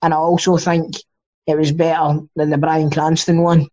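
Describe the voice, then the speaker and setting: A Scottish man with a higher-than-usual voice chats loosely on a film podcast, joking and swearing as he goes. The audio is a little dull and lo-fi. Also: monotone, normal speed, darkish tone. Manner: chatty, jokey, swears freely. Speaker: podcast co-host. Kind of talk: casual film-chat podcast.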